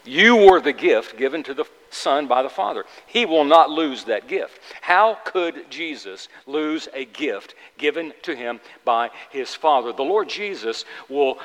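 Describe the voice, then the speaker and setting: A man's voice: mid-range voice, lively intonation, measured pace, few pauses, fairly bright tone. A middle-aged man preaching a sermon as pastor, earnest and emphatic, often repeating phrases for weight. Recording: long hall reverb.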